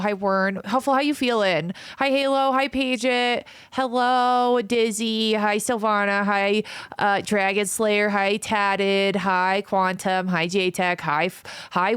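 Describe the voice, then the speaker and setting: A woman's voice: mid-range voice, clean tone, no echo. A woman streamer in casual chat with viewers, greeting them by name and swearing freely. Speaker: live streamer.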